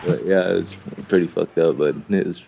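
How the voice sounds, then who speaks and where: A man's voice: low-pitched, fairly even intonation, brisk, gravelly, mellow, slight background noise. A young man being interviewed, telling long rambling stories in a casual, profane, laughing way. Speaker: interviewed clan member. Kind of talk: casual storytelling chat.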